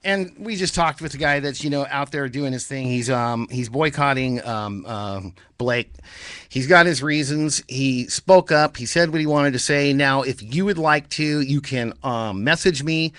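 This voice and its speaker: A man's voice: mid-range voice, measured pace, a bit bright, no echo, clean studio sound. A man hosting a live call-in radio show, rambling with restarts and casual swearing.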